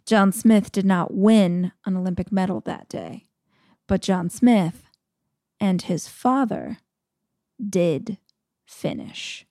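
A woman imitating a solemn male documentary narrator, speaking slowly and in a hushed voice. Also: medium pitch, very animated, dry recording, studio quality.

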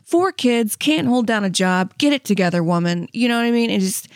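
A woman's voice: fairly high pitch, sing-song, measured pace, dry recording, clean studio sound. A woman in her thirties, co-hosting a comedy podcast, rambling through anecdotes with lots of fillers, tangents and laughter. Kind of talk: casual rambling chat. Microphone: close studio mic.

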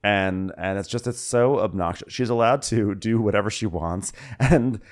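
Sarcastic man with a lowish voice. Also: normal speed. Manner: indignant, sarcastic, laughs often. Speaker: podcast co-host. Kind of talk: casual recap chat.

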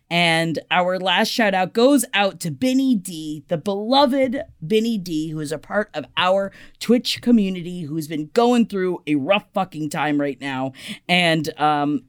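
A woman co-hosting a casual pop-culture podcast. She talks in a chatty, profane way and swings between loud and soft. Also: fairly low pitch, clear, resonant tone. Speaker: podcast co-host.

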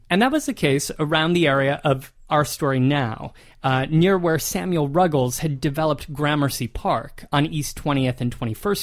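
Higher-voiced man telling a history tale. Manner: narrates a ghost tale, reads newspaper quotes aloud. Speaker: podcast co-host. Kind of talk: conversational history storytelling.

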